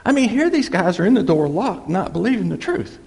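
A middle-aged man preaches with a folksy, animated delivery, slipping into quick acted-out quotes and little laughs. His voice sits a touch high and carries a gravelly edge, and it rises and falls widely. It rings with the long reverb of a large church hall. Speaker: pastor. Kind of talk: sermon.

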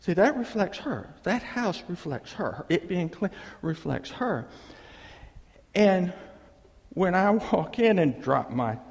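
A man telling a funny personal story to a live audience, animated and self-deprecating, dragging out his punchlines. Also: high-pitched, slow, creaky. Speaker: speaker addressing a live audience. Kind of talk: humorous personal storytelling talk. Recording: long reverb of a large hall.

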